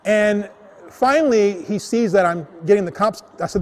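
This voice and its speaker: A man with a rather high voice tells a comic personal story on a live stage, animated and quick to shout as he acts out his anger. Long reverb from the hall hangs behind every line.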